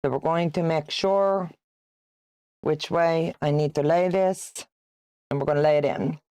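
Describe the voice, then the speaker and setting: A woman's voice: sits low, steady tone, unhurried, warm tone, clean tone, no echo, dull audio. A woman in her sixties hosting a quilting livestream. She chats casually while she sews, teases viewers and greets them by name, and laughs often. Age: 60s. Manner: chatty and teasing, reads out viewer comments, laughs often.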